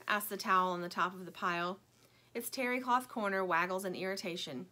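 A woman reading a children's storybook aloud in a gentle storytelling manner. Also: mid-range voice, brisk. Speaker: storybook reader.

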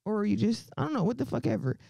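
A woman's voice: fairly high pitch, expressive, fast, creaky, warm tone, dry recording. Brash woman doing crude stand-up. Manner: brash, crude, laughs often between lines. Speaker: stand-up comedian. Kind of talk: stand-up comedy set.

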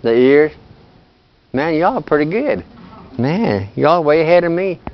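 A man teaching a language class, talking in a relaxed, chatty way and laughing often. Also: a little high, a little slow, muffled recording. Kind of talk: classroom lesson.

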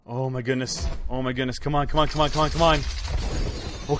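A man giving excited, chatty commentary while opening game loot boxes, exclaiming loudly at good items and talking to his viewers. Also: mid-range voice, fast. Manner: chatty, addresses viewers as guys. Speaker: gaming YouTuber.

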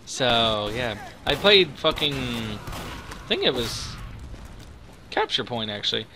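A young man hosting his own channel, giving excitable, profanity-laden live commentary while playing a game. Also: mid-range voice, takes it slowly, noisy background. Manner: excitable, swears a lot, reacts loudly. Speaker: gaming channel host.

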